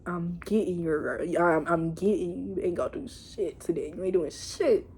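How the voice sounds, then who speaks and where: Girl imitating a chill low-voiced guy vampire, hushed and steady. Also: brisk, close to an everyday voice. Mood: threatening.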